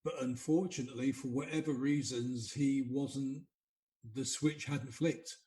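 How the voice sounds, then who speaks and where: A man's voice: medium pitch, steady tone, measured pace, dark tone. A man hosting a podcast interview, speaking in a reflective, consoling way. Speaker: podcast host.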